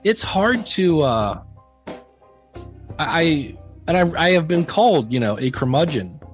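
A man's voice: fairly high pitch, very animated, measured pace, soft background music. A middle-aged man talking casually on a podcast, candid and rambling, often acting out conversations he had. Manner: rambling, candid, self-deprecating, acts out quoted exchanges.

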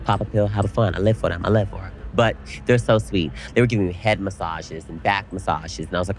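A young man co-hosting a podcast, telling an animated story in casual chat and swearing freely. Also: low voice, fast, hardly any pauses, slight background noise. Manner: animated storytelling, frequent cursing. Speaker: podcast co-host.

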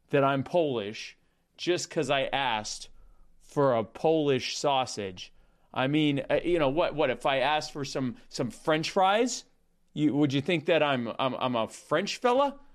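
A man putting on a low, deadpan, halting comedian voice to tell a rambling joke about being teased. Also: clean tone, lightly acted. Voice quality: deadpan, drawling, halting with restarts. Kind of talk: comedian impression bit.

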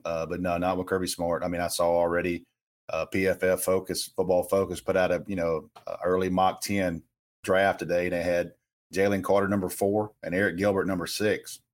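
A man giving his views in a casual sports conversation, rambling with lots of fillers. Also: sits low.

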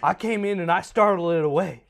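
A man's voice: high-pitched, a little fast, vocal fry, pitched above the performer's own voice. A man voicing a defensive, blustering Southern father, with a Southern US accent and a raised voice.

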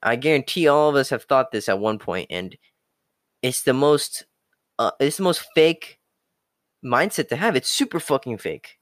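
A man's voice: mid-range voice, animated, moderate pace, no echo, studio quality. A young man hosting a podcast, ranting bluntly with constant swearing and mocking whiny voices. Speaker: podcast host. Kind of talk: profane motivational monologue.

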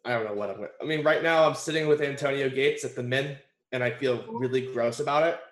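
A man's voice: medium pitch, quick pace, reverberant. A man co-hosting a casual sports podcast, speaking bluntly and with emphasis. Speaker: podcast co-host.

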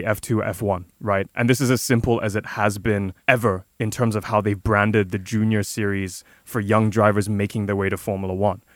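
This podcast co-host has a fairly low-pitched voice, recorded dry with clean studio sound. He's talkative and chatty, tossing in sarcastic asides and often restarting sentences by repeating words.

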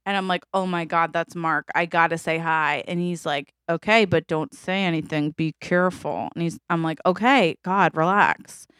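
A woman's voice: on the low side, moderate pace, few pauses, smooth, no room sound, clean studio sound. A woman co-hosting a podcast, improvising a comic story and acting out the characters, laughing often. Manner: animated, laughs often, acts out quoted characters. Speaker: podcast co-host.

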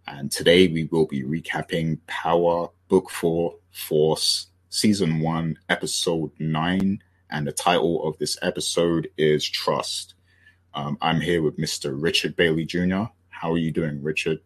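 A British man with a very deep voice and a husky edge hosts a podcast. He talks casually and loosely, full of fillers and restarts, as he gets to the topic. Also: unhurried. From Britain. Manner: relaxed and rambling, many fillers and restarts. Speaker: podcast host.

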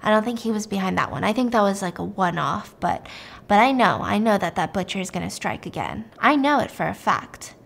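A woman voicing a blunt, world-weary male detective, in a low, matter-of-fact way. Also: lively intonation, a little fast, vocal fry, fairly bright tone.

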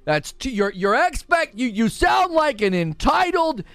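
A man putting on a high, shouty voice as a condescending console defender, sputtering and mocking. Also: sing-song, a little slow, dry recording, exaggerated voice. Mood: scolding. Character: scolding young male console defender, condescending.

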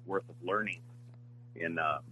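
Low, forceful male screenwriter, muffled audio. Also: steady tone, slight background noise. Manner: halting, many fillers and restarts. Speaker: screenwriter guest. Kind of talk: interview storytelling.

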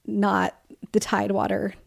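A woman's voice: medium pitch, completely flat delivery, a little slow, vocal fry. A woman co-hosting a casual book-discussion talk, thoughtful and a little hesitant, with frequent fillers. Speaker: podcast co-host.

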